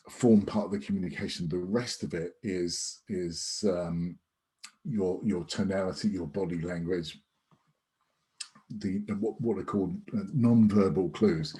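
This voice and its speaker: A sales trainer from the UK teaches an online sales masterclass on a video call, his voice sitting low and a little mellow. He talks conversationally and emphatically, restarting often and leaning on fillers.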